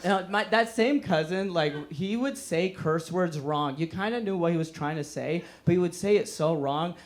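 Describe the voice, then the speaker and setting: A young man performing stand-up comedy at a live show, animated and laughing between jokes. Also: fairly high pitch, normal speed. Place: live comedy room with an audience.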